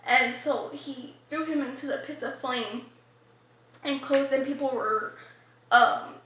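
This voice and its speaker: A woman's voice: high voice, slow pace, fairly bright tone. A woman hesitantly recounting a religious dream in a testimony interview, full of fillers and restarts. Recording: very echoey room.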